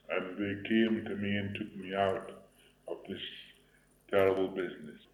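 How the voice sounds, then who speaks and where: An older man preaching and telling a personal story in a solemn, measured way, with a troubled throat that he clears now and then. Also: medium pitch. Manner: solemn, measured, deliberate delivery. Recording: dull lo-fi recording in an echoey room.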